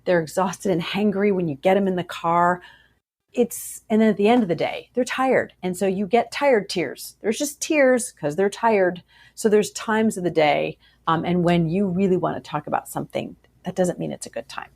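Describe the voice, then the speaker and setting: A woman psychologist answering interview questions about parenting, animated and acting out the voices of parents and kids. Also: fairly low pitch, moderate pace. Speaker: child psychologist guest.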